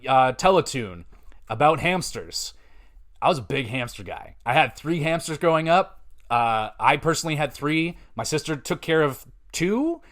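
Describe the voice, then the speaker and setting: A man, hosting a podcast and telling rambling, profane, animated stories. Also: a little high. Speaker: podcast host. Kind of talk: casual storytelling.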